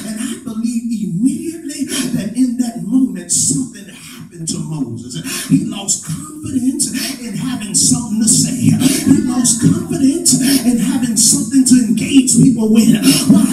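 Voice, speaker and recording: Male pastor, high animated voice, shouting sermon cadence, distant mic in an echoey hall. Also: a little slow, few pauses, music in the background. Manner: preaching in swelling shouts, then dropping to low asides; repetitive call-and-response cadence.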